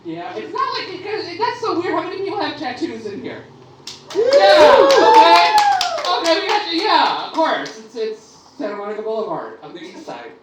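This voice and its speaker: Brash, bawdy female stand-up, animated pitch; live club recording, echoey and distant. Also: a little fast, few pauses. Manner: brash, bawdy, big exaggerated delivery. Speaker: stand-up comic. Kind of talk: stand-up comedy set. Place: comedy club stage. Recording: echoey club miked from a distance, loud room noise.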